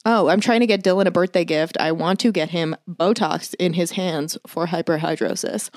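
A woman's voice: lowish voice, fairly even intonation, normal speed, a little mellow, no room sound. Rambling young woman, dry close sound. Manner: rambling, swearing, frequent fillers and restarts. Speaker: podcast co-host. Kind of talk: casual chat.

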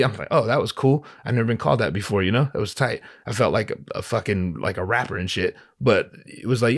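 A man hosting a podcast, telling a story in a casual, animated way, with lots of stammering restarts and profane slang. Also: medium pitch, quick pace. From Southern California. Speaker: podcast host.

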